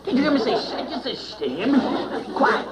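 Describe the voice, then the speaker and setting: An actor playing a pompous, blustering British naval admiral who keeps clearing his throat. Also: extremely high pitch, very animated, moderate pace, highs cut off, a loud crowd. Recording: noisy old TV soundtrack with laugh track.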